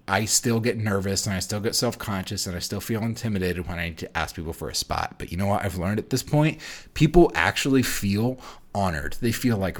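A man hosting a casual fitness vlog. He gives strength-training advice in a chatty, animated way, full of fillers and restarts. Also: fairly low pitch. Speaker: fitness channel host.

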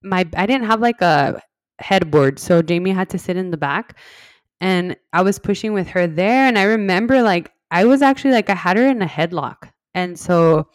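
A young adult woman with a lowish voice tells her birth story on her podcast at a moderate pace, and the recording is dry. She's chatty and casual, packing in lots of "like"s, laughing, and acting out quoted dialogue with animation.

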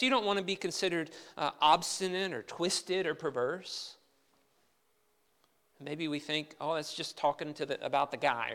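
Bright, clear-voiced preacher. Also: male voice, fairly high pitch. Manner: conversational preaching with rhetorical questions; emphatic scripture reading. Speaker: pastor. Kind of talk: sermon.

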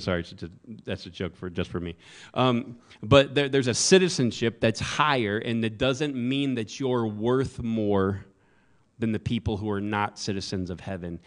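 A man preaching a sermon in a conversational way, with joking asides to the congregation. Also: fairly low pitch. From American South. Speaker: pastor.

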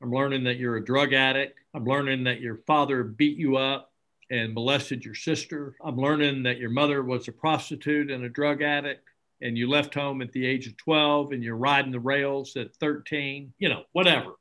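A man's voice: medium pitch, moderate pace. A middle-aged man, an interview guest who founded a charity, telling stories earnestly and acting out bits of dialogue. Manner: earnest, animated, acts out dialogue. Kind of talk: conversational storytelling.

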